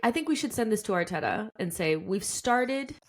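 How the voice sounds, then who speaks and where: A woman's voice: medium pitch, big pitch swings, fast, husky. A woman hosting a casual football podcast, chatty and laughing often. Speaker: podcast host.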